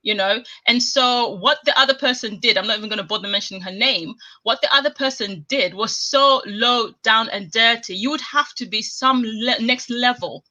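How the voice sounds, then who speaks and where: Bright-voiced emphatic woman. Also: fairly high pitch, normal speed, few pauses, lo-fi sound. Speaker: guest commentator. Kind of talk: casual live-stream chat.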